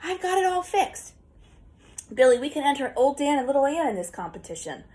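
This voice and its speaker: A woman reading an audiobook, voicing an eager, kindly old country grandfather who is quick to get excited. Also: sits high, voice pushed up. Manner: eager, hearty, rising with excitement. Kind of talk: audiobook character voice.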